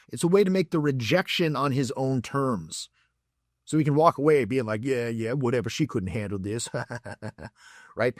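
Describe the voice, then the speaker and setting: A man's voice: on the high side, dry recording, clean studio sound. A man giving blunt, profane dating advice as a coach. He talks in a mocking way and acts out examples in put-on voices.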